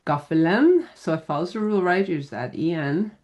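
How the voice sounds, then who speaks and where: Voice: medium pitch, animated, quick pace, a little mellow. Patient grammar teacher. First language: Norwegian. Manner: patient and plain, spells out letters, many "uh" fillers. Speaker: Norwegian language teacher. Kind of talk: explaining a grammar lesson.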